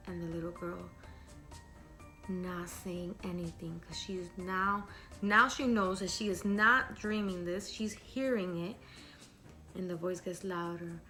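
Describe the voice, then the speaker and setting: Bright-voiced woman telling a scary story. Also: lowish voice, moderate pace, soft background music. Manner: chatty, lively, asks rhetorical questions.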